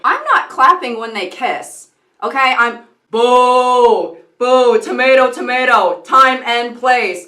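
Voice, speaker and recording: A woman's voice: fairly high pitch, sharp tone. A young woman vlogging in casual, rambling commentary, often breaking off into tangents and giggling. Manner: rambling, self-interrupting, giggly. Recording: echoey room.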